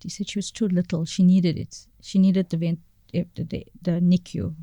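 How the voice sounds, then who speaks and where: A woman, a podcast guest telling a personal story in a halting way, searching for words and repeating phrases. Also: lowish voice, flat delivery, mellow, no echo.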